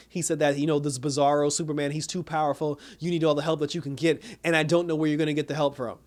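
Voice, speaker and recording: A man's voice: a little high, fast, hardly any pauses. A man casually recapping a TV episode, retelling scenes with acted-out quotes and breaking into laughs. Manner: animated retelling, acts out quotes, laughs at the plot. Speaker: TV show reviewer.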